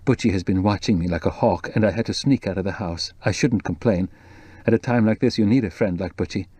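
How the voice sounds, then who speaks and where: A man reading the part of a jumpy, anxious young woman with a low, breathless voice in an audiobook. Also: a little fast, dark tone, no room sound, lightly acted. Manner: nervous, jumpy, worried.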